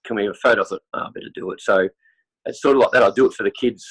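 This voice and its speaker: Australian man, low voice, rapid rambling chat, fillers, has a cold. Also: fairly bright tone, slightly rough, poor audio. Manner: rambling, chatty storytelling with many fillers. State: has a cold, clears throat. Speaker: interview guest, football superfan. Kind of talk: casual chat.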